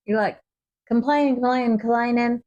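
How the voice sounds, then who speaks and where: A woman's voice: fairly high pitch, fairly even intonation, fairly quick, darkish tone, highs cut off. A woman co-hosting a casual Bible study chat, reading verses aloud and talking them over in a chatty way. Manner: chatty, reads verses aloud and acts out quotes. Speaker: co-host of a Bible study podcast.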